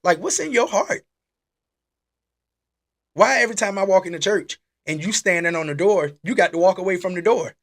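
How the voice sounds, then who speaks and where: Animated man preaching casually, lively pitch. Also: normal speed, long pauses. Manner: animated, exclaiming, repeats his questions. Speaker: host. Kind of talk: casual preaching live stream.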